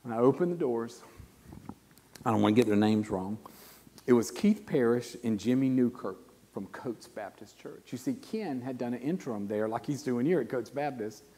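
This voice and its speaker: A man, preaching a sermon and telling a personal story, his voice swinging from hushed to loud. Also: mid-range voice, lively intonation, normal speed. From South Carolina. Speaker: guest preacher. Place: church sanctuary. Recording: long church reverb.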